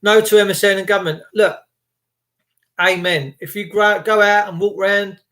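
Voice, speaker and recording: Brief: male vlogger, fairly high voice, fervent and repetitive, preaching self-reliance. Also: steady tone, normal speed, fairly bright tone. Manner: impassioned, rambling, repetitive. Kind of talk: motivational monologue.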